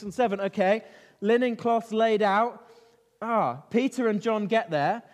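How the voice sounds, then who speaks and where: Guy running a kids bible lesson, keeps quizzing them, highish voice, echoey church hall. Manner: lively, quizzing children with questions. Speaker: children's talk leader. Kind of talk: interactive Bible lesson for children. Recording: reverberant hall.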